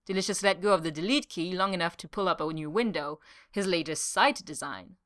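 A woman reading a short story aloud, narrating with an expressive manner. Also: lowish voice, brisk, no echo, studio quality. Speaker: story reader.

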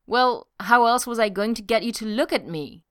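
A woman's voice: on the high side, normal speed, smooth, dry recording, clean studio sound, voice pushed up, close to an everyday voice. A woman voicing a scheming female trickster god who pleads for attention, in an audiobook reading. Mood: pleading.

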